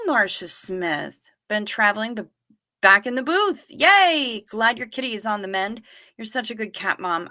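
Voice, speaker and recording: A woman's voice: on the high side, pushed and bright. A woman hosting a livestream, chatting casually with viewers and reading their messages aloud, wry and loose with the odd swear. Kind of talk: casual chat.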